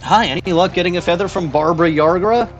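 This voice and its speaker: A man's voice: high voice, fast talker, muffled recording, pitched above the performer's own voice, close to an everyday voice. Chirpy matter-of-fact kid, guy doing the voice, pretty light, faint game music. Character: helpful kid at a monster club.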